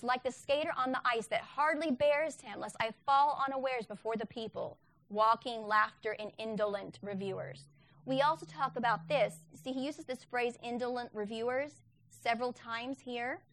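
Chatty woman Latin teacher, bright voice. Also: fairly high pitch. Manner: chatty, explanatory, self-correcting. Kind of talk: explaining her teaching to other teachers.

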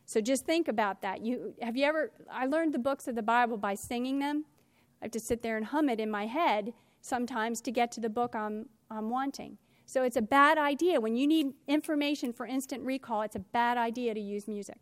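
A middle-aged woman lecturing a class as a teacher trainer, slowing down to stress key words and hurrying through asides. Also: a little high, no echo.

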